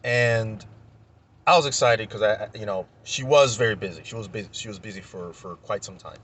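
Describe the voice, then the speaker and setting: Young man, vlog rant, husky and forceful, profane and fired up. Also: lowish voice, normal speed. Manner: heated, profane, repeats himself when worked up. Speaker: vlogger. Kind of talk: casual storytelling rant.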